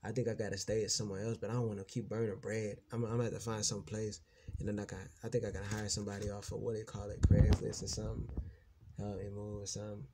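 A man's voice: lowish voice, little pitch movement, fast talker, mellow, slight background noise. A man venting in a rambling, profane monologue to his viewers, repeating himself and growing heated and emphatic. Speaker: vlogger.

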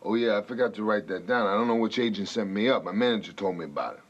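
An actor playing a young actor chatting casually after an audition, relaxed and a bit self-mocking. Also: male voice, on the low side, fast talker, husky, highs cut off. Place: audition room.

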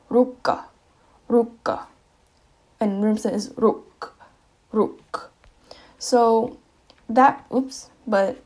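A woman giving a casual slideshow lesson, saying each example word twice, with fillers and quick self-corrections. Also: a little high, a little mellow. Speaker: presenter explaining languages.

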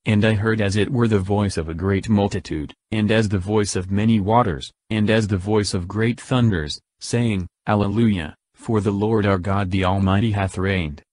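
Male scripture reader, low voice, measured delivery, dry close recording. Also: fairly even intonation, a little mellow, dry recording. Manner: slow, measured recitation. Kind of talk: scripted Bible reading.

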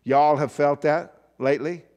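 A man's voice: a little high, moderate pace, a little mellow. Impassioned male pastor preaching. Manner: impassioned, repetitive preaching, closing in prayer. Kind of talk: sermon.

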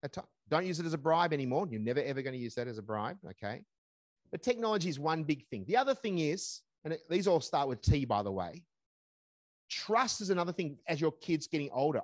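An older man giving a parenting seminar, talking conversationally and acting out calm parent dialogue. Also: fairly high pitch, fairly quick, no room sound, clean studio sound. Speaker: seminar speaker.

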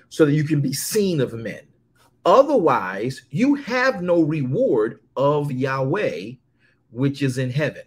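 A man preaching a sermon, reading scripture slowly and calling out to his congregation. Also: medium pitch, big pitch swings, husky. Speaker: pastor.

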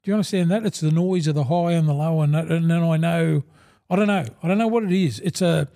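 This former rugby league footballer turned broadcaster, an Australian in his sixties, tells lively stories as an interview guest. He talks quickly in a fairly high, creaky voice, performing the quoted conversations and dropping "mate" at every turn.

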